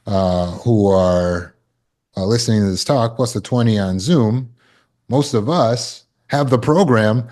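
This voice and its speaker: A man giving a live talk to an audience in a room. He talks earnestly and coaxingly, repeats phrases, and drops to a soft voice when he voices comforting words. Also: on the low side, unhurried. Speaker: trauma recovery speaker. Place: room with an audience of about 160.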